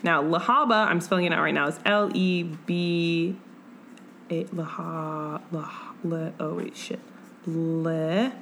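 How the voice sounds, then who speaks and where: A woman talking about books in a casual chat, lively and blunt, with a lowish voice that swears freely and acts out the back-and-forth of conversations. A faint hiss sits behind her. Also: a little slow. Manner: animated, swears freely, acts out quoted exchanges. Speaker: podcast co-host.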